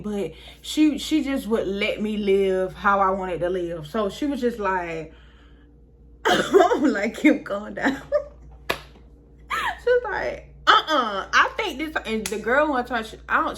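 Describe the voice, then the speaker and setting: A woman's voice: medium pitch, animated, normal speed. A young woman vlogger telling a story in a casual, chatty way, talking straight to her viewers.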